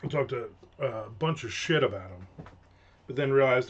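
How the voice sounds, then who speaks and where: In his own rant segment, a middle-aged man speaks animatedly at a moderate pace in a mid-range voice. His delivery is casual, sarcastic, and rambling, peppered with fillers and restarts, and the recording has a dull lo-fi quality.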